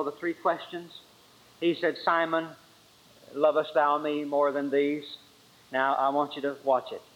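Male preacher, raised pitch, emphatic sermon delivery, dull lo-fi recording. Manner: emphatic, rises high then drops to quiet lines.

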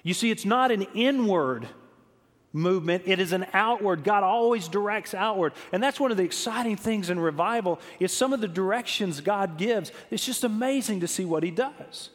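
A man's voice: high voice, expressive, moderate pace, long reverb tail. A man preaching a sermon, telling revival stories emphatically and often repeating words as he builds his point.

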